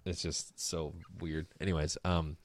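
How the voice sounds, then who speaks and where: A man's voice: a bass voice, level tone, measured pace, no echo. A man co-hosting a podcast, laid back and dry, reading listener comments in casual chat. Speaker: podcast co-host.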